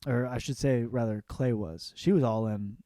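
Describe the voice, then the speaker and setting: A man's voice: mid-range voice, normal speed, mellow, no echo. A young man hosting a comedy podcast, rambling and swearing through a casual monologue about movies and TV. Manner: profane, rambling, mimics movie lines. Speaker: podcast host.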